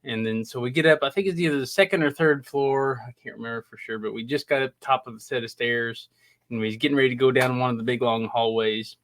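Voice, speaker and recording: A middle-aged man guest on a podcast, telling a story in relaxed, casual conversation and laughing often. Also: mid-range voice, fast. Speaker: podcast guest, haunted house reviewer. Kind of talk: casual interview chat.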